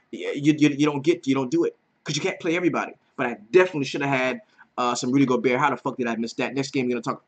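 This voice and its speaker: A man hosting a casual daily fantasy basketball breakdown, animated and slangy, swearing freely. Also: mid-range voice. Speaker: daily fantasy sports host. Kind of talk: casual sports betting breakdown.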